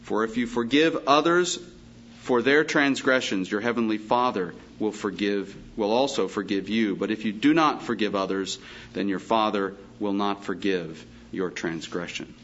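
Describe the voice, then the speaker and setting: A male pastor preaching a Bible teaching sermon, reading scripture slowly and breaking off for emphatic asides. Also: lowish voice, a bit bright, muffled recording, slight background noise.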